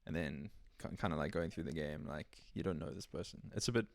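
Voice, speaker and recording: A man co-hosting a casual gaming podcast, laid-back and hesitant, often trailing off quietly. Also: very deep voice, fast, vocal fry, no room sound, clean studio sound. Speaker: podcast co-host.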